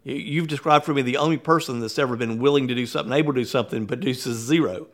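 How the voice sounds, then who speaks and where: A man, a workplace consultant, telling a story in an animated, conversational way with frequent chuckles. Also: medium pitch, quick pace. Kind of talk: storytelling talk.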